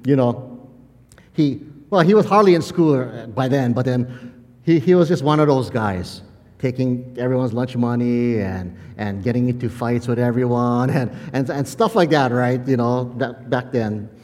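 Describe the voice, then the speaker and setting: Male pastor preaching in a sermon, lively storytelling then earnest, mid-pitched voice, long hall reverb. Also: normal speed. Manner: animated storytelling, laughing often, then quiet and earnest.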